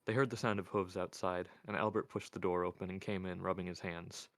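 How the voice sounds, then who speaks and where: A man reading a novel aloud in a measured, even storytelling voice on a close microphone. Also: sits low, dry recording. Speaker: reader. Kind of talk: audiobook narration.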